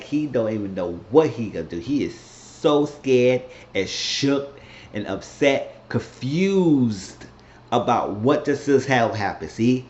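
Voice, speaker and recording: A man's voice: mid-range voice, darkish tone. Man rambling through a lo-fi show recap. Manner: loose, rambling retelling with frequent restarts. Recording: roomy, dull lo-fi recording.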